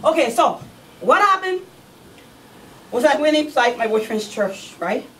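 A woman's voice: high-pitched, big pitch swings, measured pace, a bit bright, exaggerated voice. A woman performing a one-woman comedy monologue, playing a brash young woman on probation who talks in slang and keeps asking "you know what I say?". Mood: sassy. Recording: live stage from a distant mic, faint ambience.

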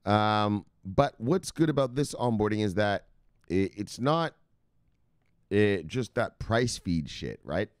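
He speaks lowish and slowly with lively intonation, his tone clean, echo-free and studio quality. As host of a crypto news channel, he rambles casually while reacting to market charts, swearing often and getting hyped.

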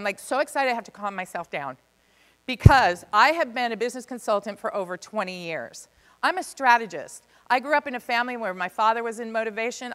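A woman giving an energetic, comedic live seminar talk as a business speaker, playing with the audience. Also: a little high. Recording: long reverb of a hall.

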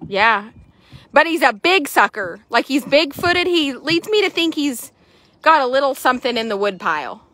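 A woman, chatting excitably to viewers while showing a horse for sale in an arena. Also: high-pitched, moderate pace. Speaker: horse seller. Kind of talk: casual sales chat while riding.

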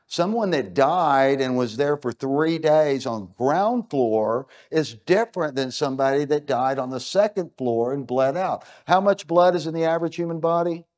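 Speaking from a stage at an event, a middle-aged keynote speaker from the United States has a slightly high, slightly mellow voice. He gives his conference talk in an emphatic, punchy manner full of rhetorical questions.

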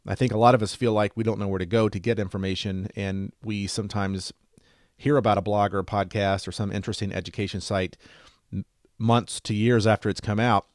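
A man's voice: fairly low pitch, flat delivery, brisk, no echo, clean studio sound. A man teaching emergency medicine in a casual screen-share lesson, chatty and enthusiastic with light joking.

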